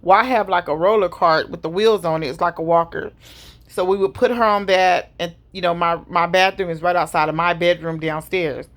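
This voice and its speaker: A middle-aged woman speaks to the camera about a painful stretch of her life. Her voice sits a little low, and she tells it in a heavy, personal way, pausing and sighing as she goes. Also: steady tone. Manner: heavy, emotional retelling with pauses and sighs. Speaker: vlogger telling her story.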